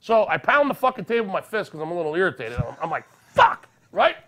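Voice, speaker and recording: A man with a stuffy, sniffling cold co-hosts a podcast in quick, excitable bursts. His high voice swings widely as he tells profane stories. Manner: animated, profane storyteller. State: congested with a cold. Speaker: podcast co-host. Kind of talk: casual podcast banter.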